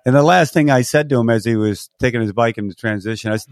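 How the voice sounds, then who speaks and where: A man's voice: medium pitch, racing, few pauses, no room sound, studio quality. An older man from San Diego, a race announcer, telling stories in an interview and acting out quotes with a lifted voice. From San Diego, California. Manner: animated, acts out quotes with lifted voice. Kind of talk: storytelling interview answers.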